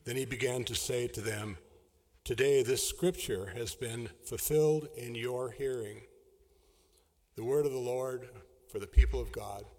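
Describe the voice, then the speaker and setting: A man reading scripture aloud in a formal, measured way during a service. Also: mid-range voice, darkish tone. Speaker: scripture reader. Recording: large hall with long reverb.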